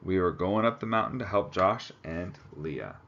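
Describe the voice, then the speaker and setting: A man reading a book aloud, breaking off now and then for relaxed, chatty asides. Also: low voice, moderate pace, gravelly, slight background noise. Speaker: audiobook reader. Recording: slightly muffled lo-fi recording.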